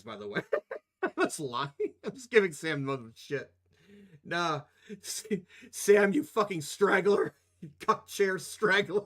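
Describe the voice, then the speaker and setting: On a live stream, a young man edits video and chats with his viewers in a somewhat high, slightly bright voice. He rambles along casually, profane and joking, laughing often.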